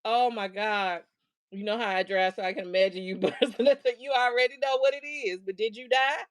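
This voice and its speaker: A woman's voice: medium pitch, fairly quick, smooth. A middle-aged woman hosting a show, casually telling a funny story and laughing often as she talks. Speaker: host.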